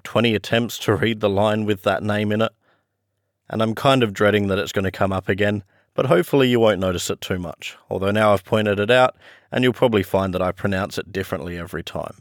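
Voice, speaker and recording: A man narrating a classic story as an audiobook podcast host, measured and friendly. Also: fairly low pitch, no room sound, studio quality.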